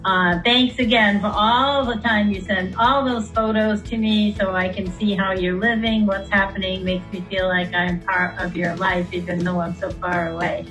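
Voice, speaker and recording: A woman's voice: medium pitch, fairly even intonation, normal speed, few pauses, a bit bright, low-quality recording. Older woman, grateful, music behind. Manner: affectionate, grateful. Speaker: mother-in-law.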